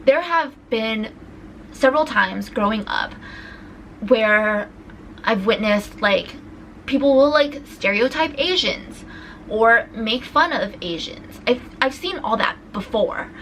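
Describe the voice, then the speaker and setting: A young woman from California chatting to camera in a vlog, retelling road-trip run-ins in an animated way with lots of restarts. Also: on the high side, slow pace, a little hiss or hum, rough recording. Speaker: vlogger. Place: indoors at a rental home.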